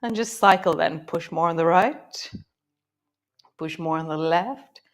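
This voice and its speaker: With a lowish voice, a woman runs a live guided yoga session. Her cues are gentle and encouraging, interrupted by chatty asides, and she slows down and softens as she talks the class through every move.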